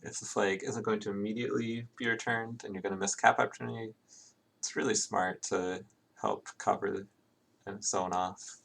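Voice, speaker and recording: A man's voice: lowish voice, steady tone, normal speed, gravelly, fairly bright tone. A man doing live play-by-play commentary on an online game, chatting casually between plays. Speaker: esports commentator.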